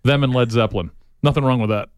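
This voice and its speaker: A male morning radio host with a smooth, clear voice, chatting loosely with guests. He trips over his words now and then. The sound is dry and close, straight into a studio mic. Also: medium pitch, quick pace, darkish tone, dry recording. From New York.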